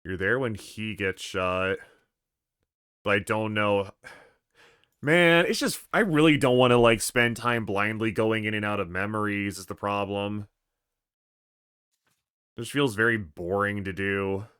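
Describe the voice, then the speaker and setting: Low, bright-voiced man musing aloud. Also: measured pace, long pauses, clear, resonant tone, no echo, studio quality. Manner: musing, thinking aloud, hesitant. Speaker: streamer. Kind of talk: casual gameplay commentary.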